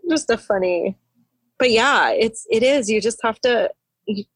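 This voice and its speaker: A woman's voice: a little high, unhurried, breathy edge, no echo. A woman guest on a podcast, a hospitalist, chatting casually and telling stories with frequent laughs. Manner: chatty, laughs often, emotional storytelling.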